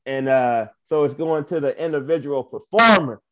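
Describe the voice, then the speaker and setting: A man's voice: on the high side, moderate pace. A young man from Michigan, a wrestler being interviewed, telling his story casually, acting out what people said and laughing often. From Michigan, USA. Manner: animated, acts out quoted exchanges, laughs often. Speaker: professional wrestler, guest. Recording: muffled lo-fi audio.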